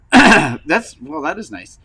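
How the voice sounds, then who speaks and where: A man hosting a motorcycle channel in casual rambling vlog chat, frank and frustrated, with lots of fillers and throat clearing, recovering from an injury. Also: a little high, sing-song, slow, bright, forceful tone, rough recording. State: recovering from injury, wearing a brace.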